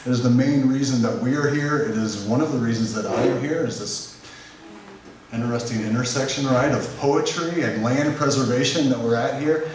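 A man's voice: mid-range voice, normal speed. Man hosting in an echoey hall. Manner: relaxed, chatty, with fillers. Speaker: event host. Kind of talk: casual welcome and thank-yous at a live event. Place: community hall at a live poetry reading. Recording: echoey hall from far off, noisy.

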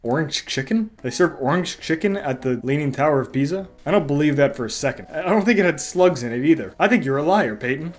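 A man's voice: a little high, lively intonation, quick pace, few pauses, soft background music. A young man reading out and mocking online reviews in a sarcastic comedic style. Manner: sarcastic, mock voices for reviews.

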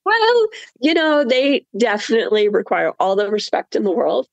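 Animated woman telling a swim story. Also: on the high side, normal speed, creaky, dry recording. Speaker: marathon swimmer guest. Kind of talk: storytelling interview.

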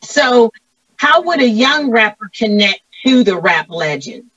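A woman hosting a show, asking interview questions in a measured, earnest way. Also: fairly high pitch, sing-song, a bit bright, dry recording. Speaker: show host. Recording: distant, dull, dry lo-fi audio.

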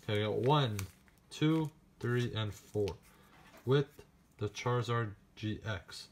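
Casting note: man, unhurried delivery, excited card-opening vlogger, faint hiss in the background. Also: medium pitch. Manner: excited, chatty, addresses viewers. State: nervous and shaky. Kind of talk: casual unboxing narration.

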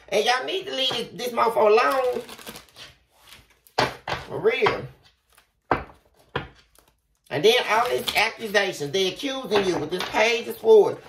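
A woman's voice: a little high, gravelly, background noise. A woman giving a tarot reading, talking bluntly with a lot of swearing and ranting. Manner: blunt, profane, animated ranting. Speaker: tarot reader. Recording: roomy, from a distance.

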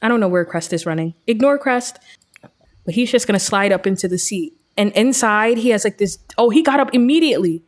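A woman hosting a let's-play, giving chatty, excitable commentary as she tells her game's story. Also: medium pitch, brisk. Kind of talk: casual gameplay commentary.

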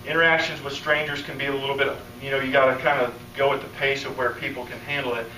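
American male preacher, bright forceful storyteller, distant roomy hall sound. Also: fast talker, a little hiss or hum. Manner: storytelling, acts out dialogue, builds to excited high pitch. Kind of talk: sermon telling a healing story. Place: church or conference hall, live audience.

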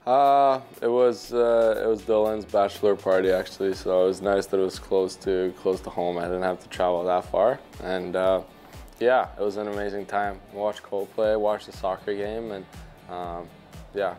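A man's voice: fairly low pitch, normal speed, faint music behind. A Swedish man in his twenties, speaking English as his second language with a Swedish accent, chatting casually and easily with lots of fillers as a guest. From Sweden. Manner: relaxed, easygoing, many fillers. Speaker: hockey player guest. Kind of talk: casual interview chat.

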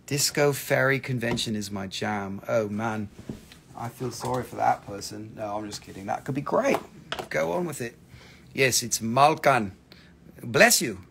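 A man's voice: medium pitch, vocal fry, a bit bright, a little hiss or hum. A man chatting casually and joking with viewers while selling mineral specimens on a livestream, swearing freely. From US East Coast. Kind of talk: casual live-sale chat.

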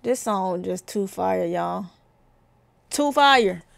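Raspy young woman hyping a track. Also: mid-range voice, expressive, slow pace, dry recording. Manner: hyped, laughing, talks back to the track. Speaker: music reaction vlogger. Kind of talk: casual reaction commentary.

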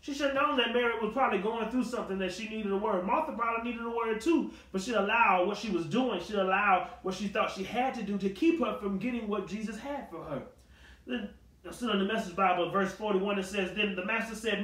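High-voiced pastor, echoey and distant. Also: male voice, brisk. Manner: conversational preaching that builds to shouting; acts out scripture voices with sass and humor. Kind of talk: Bible study sermon.

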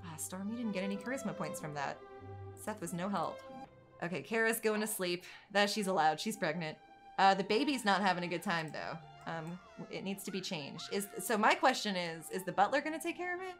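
A woman with a mid-pitched voice chats her way through a let's-play, narrating what happens and turning to loud, panicked dismay when things go wrong. Soft game music plays faintly in the background. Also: fairly quick. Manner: chatty, reacts loudly, swings from calm narration to panicked dismay. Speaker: gaming channel host. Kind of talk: casual let's-play commentary.

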